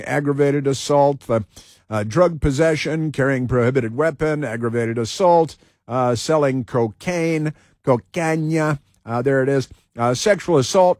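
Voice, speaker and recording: Male radio host, combative and repetitive, slightly high voice, dry sound. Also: a little mellow, dry recording. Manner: combative, repeats phrases for emphasis. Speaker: radio talk show host. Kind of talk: talk radio commentary.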